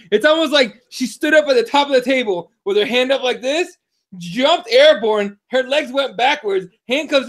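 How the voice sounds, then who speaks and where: A man co-hosting a combat sports podcast, talking in a casual, profane, excitable way and telling stories with lots of animation. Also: extremely high pitch, moderate pace. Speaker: podcast co-host.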